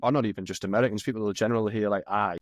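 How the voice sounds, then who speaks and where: A man's voice: on the low side, fairly even intonation, rapid-fire, darkish tone, dry recording. A young man with a Geordie accent, a podcast guest chatting casually with banter and heavy local slang. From northeast England. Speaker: podcast guest, soccer captain. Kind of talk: casual chat.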